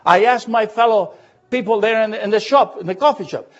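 A man preaching a sermon as pastor, emphatic, repeating words and slowing down to read scripture aloud. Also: sits high. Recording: dull lo-fi recording.

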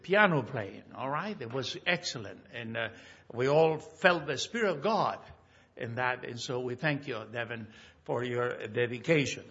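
A man giving church announcements in a halting way with many fillers, telling stories with animation. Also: medium pitch, pushed and bright, husky, dull audio. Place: church sanctuary.

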